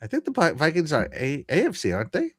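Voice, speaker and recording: A man's voice: a little high, wildly swooping pitch, fast, slightly rough, dry recording, clean studio sound. A man hosting a podcast, casually chatting and reading chat messages aloud with frequent laughter. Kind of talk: casual live-stream chat.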